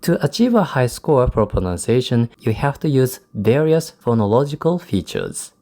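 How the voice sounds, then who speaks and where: A man's voice: mid-range voice, sing-song, moderate pace, dark tone. A man whose first language is Japanese, teaching English speaking in a recorded lesson and explaining how to use varied intonation. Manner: explanatory, demonstrates intonation in quoted examples. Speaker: English test tutor.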